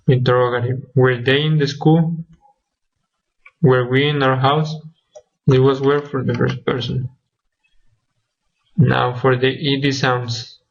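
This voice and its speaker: A young man presenting a grammar lesson from slides as a student, listing examples one by one. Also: medium pitch. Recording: dull lo-fi recording.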